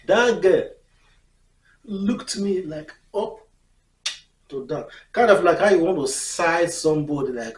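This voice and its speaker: Woman, storytelling vlogger, lively pitch, slow delivery, echoey room, mic far off. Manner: expressive, laughs often, acts out scenes. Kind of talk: animated personal storytelling.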